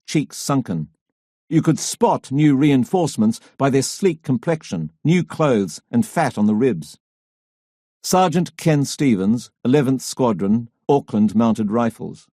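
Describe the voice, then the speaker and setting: A man reading a history audiobook aloud as its narrator, in a measured, dramatic way that lifts for quoted voices. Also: mid-range voice, mellow, no room sound, studio quality. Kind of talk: scripted narration.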